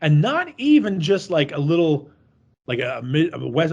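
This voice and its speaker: A man's voice: on the high side, big pitch swings, moderate pace, a little mellow, husky, highs cut off. A man co-hosting a podcast, retelling a horror movie's scenes in a crude, joking way and laughing as he goes. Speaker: podcast co-host. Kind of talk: casual movie recap.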